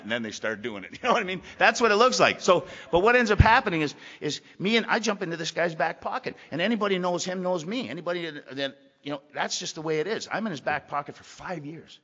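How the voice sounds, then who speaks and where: An older man giving a blunt, emphatic personal testimony to a recovery meeting, gruff and profane, repeating phrases for weight. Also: fairly high pitch, expressive, fast talker, hardly any pauses, bright, forceful tone. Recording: echoey hall, dull lo-fi sound.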